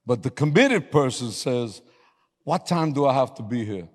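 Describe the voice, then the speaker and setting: Animated pastor preaching in a reverberant hall. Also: male voice, medium pitch, normal speed. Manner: animated storytelling with sudden yelling and laughter. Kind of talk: sermon. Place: church sanctuary.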